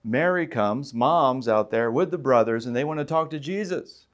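A man preaching a sermon in a conversational way, asking his listeners rhetorical questions and rising loudly on emphatic points. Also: mid-range voice, animated, normal speed. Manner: conversational, with fillers and restarts. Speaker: pastor.

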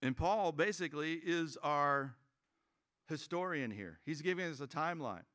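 A man's voice: fairly high pitch, lively intonation, moderate pace, fairly bright tone. A man preaching a sermon as pastor, conversational and joking, acting out quoted voices.

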